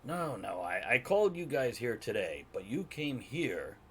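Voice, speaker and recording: A man voicing a dwarf lord, Rajan the Red, with a put-on Scottish-like accent and a hearty, booming manner. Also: sing-song, measured pace, slightly rough, heavily acted. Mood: questioning.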